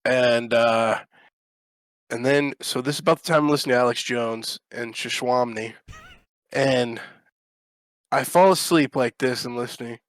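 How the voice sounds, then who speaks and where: A man spinning a rambling anecdote on a podcast, swearing freely and jumping into voices for each quote. He has an everyday, mid-pitched man's voice. It is recorded dry and close, with no room echo. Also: unhurried, pauses often. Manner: animated, profane, acts out quotes. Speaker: podcast co-host. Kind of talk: casual storytelling chat.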